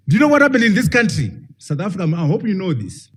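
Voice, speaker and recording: Animated husky-voiced man lecturing. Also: high voice, rapid-fire, hardly any pauses. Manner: emphatic, fires rhetorical questions at the audience. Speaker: professor giving a public talk. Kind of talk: public lecture to a live audience.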